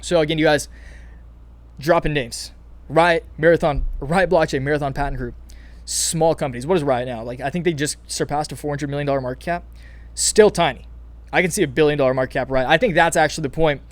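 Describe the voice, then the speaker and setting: A young man talks through crypto market moves in casual commentary. His voice sits a little high and stays keyed up, and he often restarts his sentences and keeps addressing viewers as "you guys". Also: a little fast, no room sound. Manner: excited, hyped, many fillers and restarts, calls viewers "you guys". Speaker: crypto channel host.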